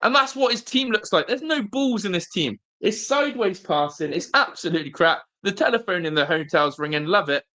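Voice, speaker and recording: A man's voice: high voice, expressive, brisk, few pauses, sharp tone. A man, hosting a live football watch-along from a hotel room and ranting angrily at his team, swearing and repeating himself. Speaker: fan channel host.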